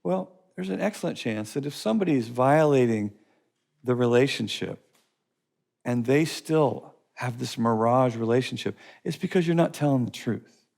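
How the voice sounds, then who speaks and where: A man teaching a recorded class session, repeating phrases and telling lively stories. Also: medium pitch, normal speed, creaky. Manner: repeats phrases, lively storytelling with put-on voices. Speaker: curriculum teacher.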